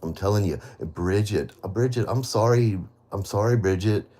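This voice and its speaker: A man with a somewhat low voice rants bitterly on a live stream, hammering the same accusations over and over and swearing heavily. His speech rambles, with frequent restarts and trailing half-sentences. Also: moderate pace, mellow, a little hiss or hum. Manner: bitter, accusing, repeats himself. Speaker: livestreamer. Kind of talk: live stream rant to viewers.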